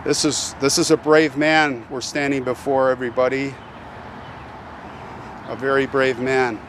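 A man's voice: mid-range voice, level tone, unhurried, slight background noise. Earnest man speaking reverently outdoors. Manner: earnest and reverent, addressing viewers directly. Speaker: channel host visiting a grave. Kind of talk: emotional on-location vlog. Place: outdoors at a military cemetery.

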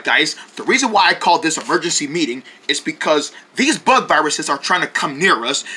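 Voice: medium pitch, bright, forceful tone, slightly rough, pitched below the performer's own voice. A performer voicing bossy, scheming bug-virus characters in a homemade toy skit. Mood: plotting.

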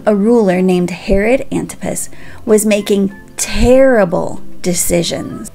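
A woman pastor telling a Bible story to children with animated, expressive delivery, speaking directly to the kids. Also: mid-range voice, creaky.

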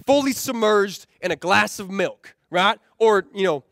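Male pastor, high voice, dry close sound; relaxed conversational sermon with restarts and light humor. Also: a little slow, no room sound. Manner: conversational, often stumbles and repeats words; keeps checking in with the crowd with "right?". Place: rented event hall used for church.

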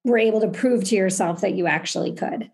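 A woman's voice: medium pitch, a little fast, vocal fry, a little mellow. A woman co-hosting a podcast interview, asking long, friendly questions in a conversational way. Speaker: podcast co-host.

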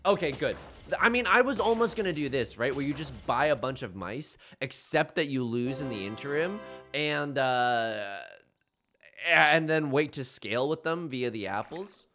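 A man giving casual, jokey commentary while playing a game, with sudden loud outbursts. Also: medium pitch, lively intonation, a little slow, faint music behind. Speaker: gaming YouTuber.

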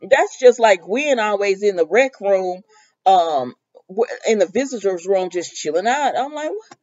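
A woman's voice: medium pitch, unhurried, dull audio. Chatty woman acting out a soap recap. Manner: animated retelling, acts out characters' lines; laughs often while talking. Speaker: soap opera reviewer. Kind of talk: casual recap chat.

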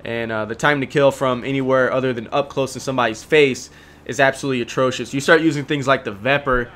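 A young man giving relaxed, chatty gameplay commentary, full of ums and self-corrections. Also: mid-range voice, quick pace.

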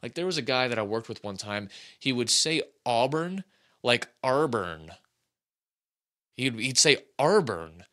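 A man in his thirties hosting a casual sports podcast, talking in an animated, rambling, jokey way. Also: mid-range voice, measured pace. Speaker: podcast host.

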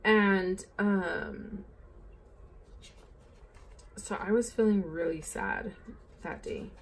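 Young woman, casual planner vlog, chatty and rambling, slight vocal fry, faint hiss behind. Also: medium pitch, drawn-out words. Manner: bubbly, rambling, says "like" and "oh my gosh" often. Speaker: planner vlogger.

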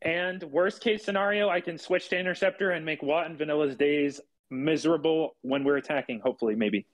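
A young man giving tactics to his team over casual voice chat, talking in halting bursts with many fillers and restarts. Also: a little high, rough recording. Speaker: squadron leader and streamer.

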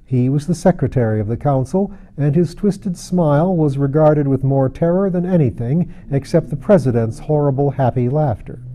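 A man narrating a classic novel as an audiobook reader, in a measured, steady storytelling manner. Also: a little high.

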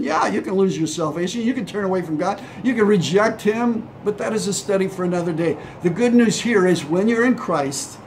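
Man, high voice, pastor, conversational devotional sermon, faint rumble behind. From Hawaii. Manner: conversational preaching, acts out imagined replies.

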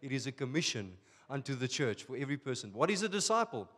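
A male pastor preaching a sermon from South Africa, animated and rising to emphatic bursts. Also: mid-range voice, quick pace, breathy edge, big-room sound.

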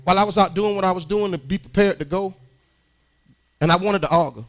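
A man preaching a sermon in church, speaking. He talks to the congregation in a conversational, animated way and builds to loud, strained peaks. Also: high-pitched, fast talker. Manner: rises into shouted, strained peaks.

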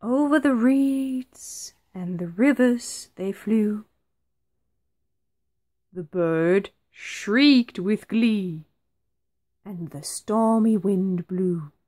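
A woman reading a rhyming picture book aloud, like a teacher, in a very expressive and clearly phrased way. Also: medium pitch, very slow. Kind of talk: storybook read-aloud.

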